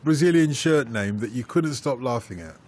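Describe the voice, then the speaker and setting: A man's voice: medium pitch, animated, normal speed, darkish tone. A man hosting a radio football phone-in, reading out listener emails and coaxing his pundits with teasing banter.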